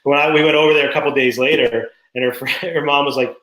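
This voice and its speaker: A middle-aged man co-hosting a casual dad podcast, telling animated stories about his kids and laughing often. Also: fairly high pitch, fast, roomy sound, low-quality recording. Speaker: podcast co-host. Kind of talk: casual chat.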